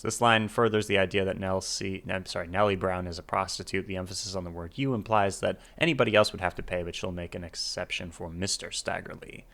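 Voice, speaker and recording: A man hosting a music reaction video, reading notes aloud in a casual way and trailing off quietly between remarks. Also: low-pitched. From United States.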